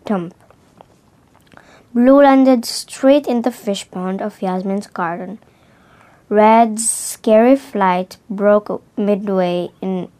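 A woman reads a children's storybook aloud at a very slow, careful pace. She often trips over words and starts them again. Her voice sits at an ordinary pitch. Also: a little mellow. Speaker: reader.

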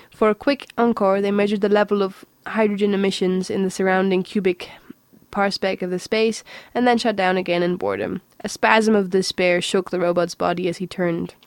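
A woman's voice: medium pitch, clean tone, no echo. Woman reading a story aloud. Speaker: narrator. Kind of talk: audiobook reading.

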